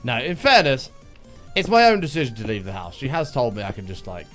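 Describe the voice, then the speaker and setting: A man's voice: mid-range voice, lively intonation, a little fast, fairly bright tone, faint music behind. A man chatting casually and swearing freely while streaming a video game, talking to his viewers. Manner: chatty, sweary, jokey, talks to chat. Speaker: livestreamer playing a video game. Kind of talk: casual gaming stream chat.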